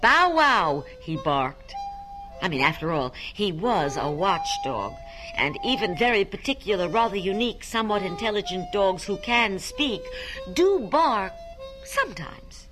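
A woman reading a children's story aloud, animated and coaxing listeners to repeat tongue twisters. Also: fairly low pitch, moderate pace, music in the background.

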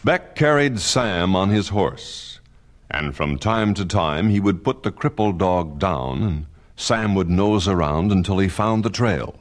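A man narrating a frontier tale in a steady, vivid storytelling voice. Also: sits low, unhurried.

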